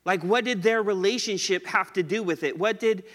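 Male pastor, high and bright, casual teaching voice with a long hall echo. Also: normal speed. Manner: conversational, asks listeners "right?" often. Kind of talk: Bible study teaching.

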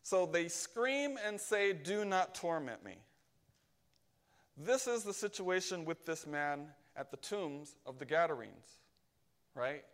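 A man's voice: fairly high pitch, a little slow, fairly bright tone. A man preaching a sermon, emphatic and often asking "right?" to his hearers.

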